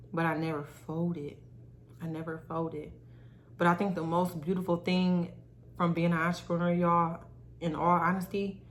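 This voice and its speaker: A young adult woman hosting her own podcast, talking candidly and motivationally to her viewers in a casual, direct way. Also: fairly low pitch. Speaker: podcast host. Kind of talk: casual solo podcast talk.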